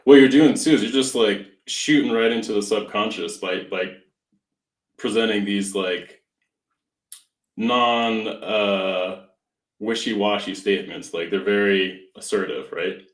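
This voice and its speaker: A man with a lowish voice muses on a podcast in a reflective, philosophical way. He challenges the others' ideas. His voice rings in an echoey room. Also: steady tone, a little slow, far from the mic. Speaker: podcast co-host. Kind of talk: casual chat. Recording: roomy echo.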